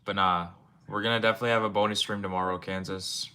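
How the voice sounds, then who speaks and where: A man's voice: sits low, steady tone, fast, pushed and bright, smooth. A young man streaming from his room at home, rambling casually and talking to his chat in a laid-back way. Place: home room with game shelves.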